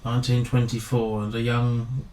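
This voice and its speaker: A man's voice: medium pitch, monotone, normal speed, darkish tone. A man co-hosting a podcast, chatting casually and often chiming in with short agreements. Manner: frequent short agreeing interjections. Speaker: podcast co-host. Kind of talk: casual chat. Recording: roomy echo, faint background noise.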